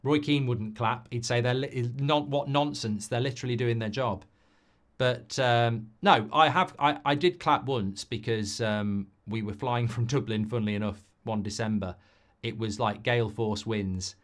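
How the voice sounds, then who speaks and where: A man hosting a live football watchalong, chatting with viewers in a sweary, cynical, rambling and animated way, from England. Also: mid-range voice, normal speed. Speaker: watchalong host.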